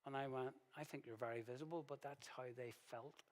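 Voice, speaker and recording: A male pastor preaching a sermon in a conversational way, with sudden loud, emphatic bursts. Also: mid-range voice, fairly even intonation, a little fast. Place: church hall. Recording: reverberant church hall.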